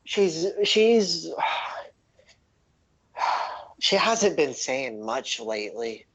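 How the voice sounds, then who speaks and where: A man's voice: sing-song, very slow, fairly bright tone, breathy edge, full character voice. A man doing a weary, sighing gnome elder. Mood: troubled, musing. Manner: sighing, raised pitch, rambling. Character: weary male gnome leader, gloomy and grumbling. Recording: dull lo-fi audio.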